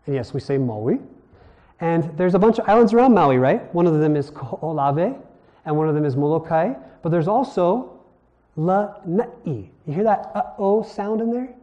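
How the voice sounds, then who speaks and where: A man's voice: fairly high pitch, mellow, lo-fi sound. A man from Hawaii teaching a sermon in a conversational way, asking his listeners questions as he explains. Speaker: preacher.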